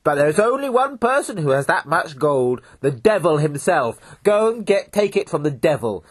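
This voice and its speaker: A greedy rich farmer stammers and fusses over his gold, as a man acts him out. The voice swings high and lively, with a husky grain. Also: moderate pace. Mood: scheming. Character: greedy wealthy male farmer.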